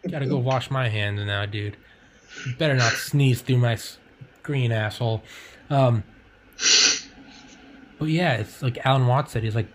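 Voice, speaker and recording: A man's voice: mid-range voice, unhurried, long pauses, a little hiss or hum. A young man hosting a podcast in casual chat, rambling and swearing, laughing often. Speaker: podcast host.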